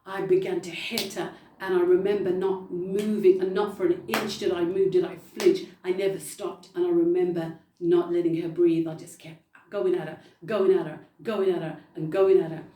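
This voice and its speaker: A woman's voice: lowish voice, level tone, moderate pace, dark tone, slight background noise. A woman preaching a testimony sermon, telling her story with emphatic repetition. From United Kingdom. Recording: roomy echo, distant mic.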